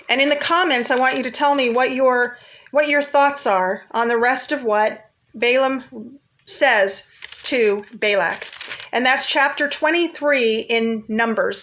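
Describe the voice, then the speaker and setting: A woman's voice: fairly high pitch, a bit bright. A woman casually retelling a Bible story in a chatty, informal way, with asides to her viewers.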